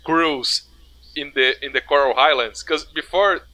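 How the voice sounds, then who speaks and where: A man's voice: a little high, normal speed, bright, forceful tone, no echo, rough recording. A man in casual chat about a video game, thinking aloud with hesitant fillers.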